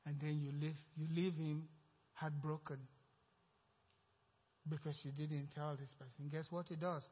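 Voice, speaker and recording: A man preaching a sermon as pastor, acting out the voices in his story with animated emphasis. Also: a little high, unhurried, breathy edge. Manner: animated preaching, acts out quoted dialogue. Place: church sanctuary. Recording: dull echoey church hall recording.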